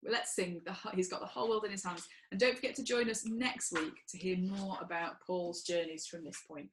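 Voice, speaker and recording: A woman leading an online children's church session, talking gently and playfully to small children while doing crafts and telling a story. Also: fairly low pitch, steady tone, a little fast, slight background noise, low-quality recording. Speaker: children's church group leader.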